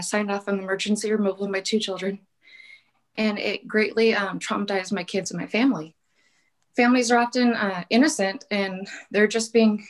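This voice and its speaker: A woman's voice: medium pitch, rough recording. A woman giving earnest, pleading public testimony over a call, with frequent ums. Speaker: public commenter. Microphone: call-in audio.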